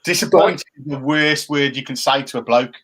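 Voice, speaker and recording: A man co-hosts a casual chat show in a medium-pitched, slightly bright, husky voice at normal speed. He jokes with and teases his co-host, does playful mocking impressions, and reads viewer comments.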